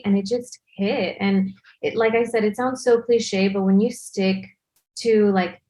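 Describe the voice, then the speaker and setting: A young woman content creator, with a mid-range voice and a dark tone, chats casually as an interview guest, talking like a Valley girl and saying "like" constantly.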